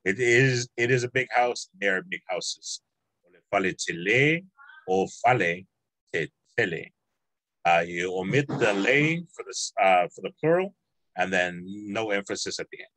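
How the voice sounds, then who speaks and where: A man's voice: on the low side, expressive, moderate pace, a bit bright, no echo, poor audio. A man teaching a language class over a video call, patient and encouraging, drawing out words as he explains.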